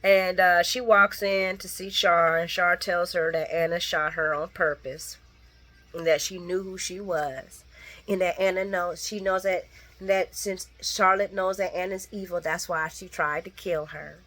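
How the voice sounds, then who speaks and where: A woman's voice: steady tone, a little slow, fairly bright tone. A woman recapping a soap opera in casual late-night chat, blunt and sassy, talking straight to her viewers and acting out characters' lines. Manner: sassy, blunt, talks to viewers as "girl" and "guys"; acts out characters' lines with big pitch jumps.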